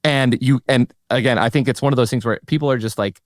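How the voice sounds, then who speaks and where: A man's voice: medium pitch, no room sound, studio quality. A man hosting a podcast, chatting with enthusiasm and eagerly agreeing with his guest. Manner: enthusiastic and agreeable, quick to affirm. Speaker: podcast host. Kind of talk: casual interview chat.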